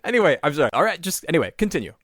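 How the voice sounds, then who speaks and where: A man's voice: a little high, very animated, very fast, a bit bright. A man co-hosting a casual sports podcast, talking earnestly and pushing back with homely analogies. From Minnesota. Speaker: podcast co-host.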